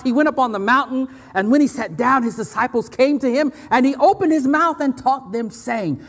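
A man preaching a lively sermon as pastor, repeating phrases and laughing often. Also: very high voice. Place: church. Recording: church hall with long reverb.

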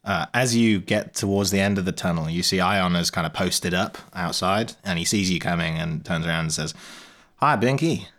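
A man runs a tabletop game and narrates in a loose, halting way with plenty of fillers. His voice sits very low. He describes each scene for the players. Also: fairly even intonation, a bit bright. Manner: casual, halting, with many fillers. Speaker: game master.

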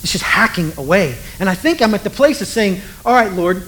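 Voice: mid-range voice, big pitch swings, fairly quick, a bit bright, slight background noise, rough recording. A preacher giving a conversational sermon, retelling a scripture story with humor and poking fun at their own faith. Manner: conversational, self-deprecating, storytelling.

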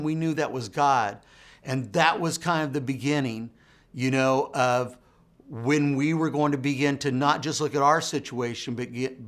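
Earnest man telling a testimony. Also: on the high side. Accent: Texan. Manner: earnest storytelling, quoting dialogue in a hushed voice. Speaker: minister telling his testimony. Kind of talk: emotional personal testimony.

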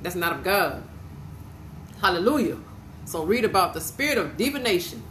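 A woman's voice: lowish voice, sing-song, moderate pace, fairly bright tone, slight background noise, rough recording. A woman preaching an informal podcast sermon, fervent and emotional, repeating her praise.

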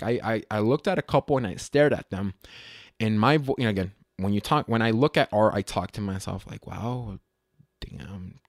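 A man casually telling a funny story, animated and self-mocking, swearing freely and often restarting his sentences. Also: lowish voice, no echo, clean studio sound.

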